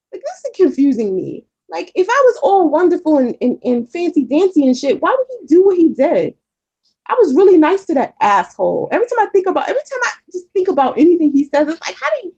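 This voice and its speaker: A woman with a high, slightly mellow voice chats candidly with her viewers, answering their comments as a vlogger. She rambles casually, full of fillers and repeats, and swears often. The audio is dull.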